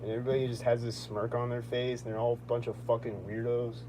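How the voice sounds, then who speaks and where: A young man talking casually in a vlog, rambling and filling his speech with "like", quick to sound annoyed. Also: medium pitch, flat delivery, noisy background. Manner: rambling, heavy on "like", quick-tempered. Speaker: vlogger.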